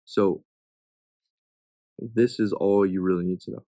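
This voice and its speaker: A man's voice: low-pitched, steady tone, measured pace, mellow, no echo. A young man tutoring test questions in a casual way, reading each answer choice and thinking aloud as he rules it in or out.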